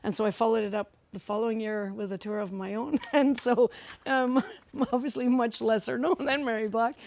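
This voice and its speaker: Chatty woman with a gravelly voice. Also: a little high, normal speed, no echo. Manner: chatty, laughs often, animated storytelling. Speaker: guest singer-songwriter. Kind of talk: casual storytelling on a live talk show.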